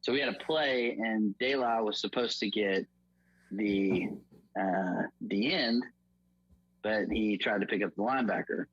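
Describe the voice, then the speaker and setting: A man's voice: breathy edge, no echo, muffled recording. A young man casually telling football stories and acting out his old coach's lines. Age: young adult. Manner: animated, acts out coach's lines in a high voice. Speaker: podcast guest, former football walk-on. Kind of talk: casual storytelling.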